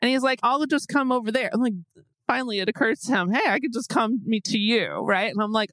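A woman's voice: fairly high pitch, fast, fairly bright tone, dry recording. A woman hosting a podcast, telling a story in casual chat, acting out her own exasperated quotes and swearing freely. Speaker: podcast host.

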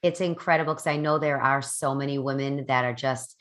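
A woman's voice: a bass voice, a little fast, a bit bright. A woman podcast host in casual conversation, affirming and effusive toward her guest. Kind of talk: casual chat.

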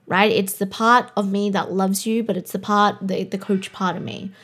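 A woman's voice: mid-range voice, fairly even intonation, normal speed, fairly bright tone, slightly rough. Blunt, sweary Australian woman. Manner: blunt, candid, swears freely. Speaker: podcast host and life coach. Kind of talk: casual monologue.

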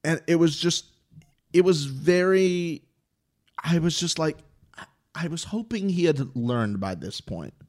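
A man's voice: on the high side, slow, long pauses. A man hosting a casual podcast chat, animatedly recapping events and acting out what people said. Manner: animated recapping with acted-out quotes. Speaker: podcast host.

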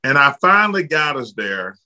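Bright-voiced man telling stories. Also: mid-range voice, moderate pace, rough recording. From Alabama, United States. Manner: lively, blunt storyteller, casual slang. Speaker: guest, former basketball player. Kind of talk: candid storytelling in an interview.

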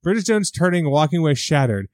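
A man's voice: fairly high pitch, big pitch swings, fast, no echo, studio quality. A man co-hosting a casual movie chat, recapping scenes and acting out his reactions. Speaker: podcast co-host.

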